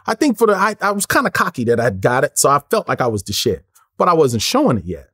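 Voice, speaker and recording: Man in his forties, animated storyteller, slangy, dry close sound. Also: fast talker, breathy edge, dry recording. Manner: lively, acts out quotes with big pitch jumps, casual slang. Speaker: interview guest.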